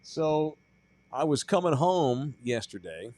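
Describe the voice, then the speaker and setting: A man co-hosting a casual sports podcast, an animated storyteller. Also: a little high, slow pace. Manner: animated storyteller, acts out quotes loudly. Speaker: podcast co-host.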